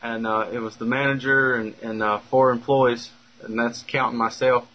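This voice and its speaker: A man's voice: medium pitch, little pitch movement, moderate pace, pushed and bright, lo-fi sound. A man speaking in an unscripted monologue, rambling with lots of fillers and restarts. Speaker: speaker recounting a personal story.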